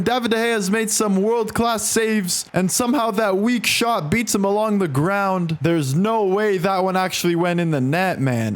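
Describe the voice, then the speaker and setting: High-voiced excitable young man calling game. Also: moderate pace, hardly any pauses. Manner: excitable, swings from calm to frustrated. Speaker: gaming commentator. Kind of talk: play-by-play game commentary.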